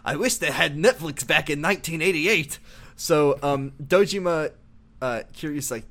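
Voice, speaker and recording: A man chatting casually as he recaps a video game story. He slips into quick character voices for laughs, keeping an easygoing, playful tone. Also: a little high, animated, a bit bright. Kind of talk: casual chat.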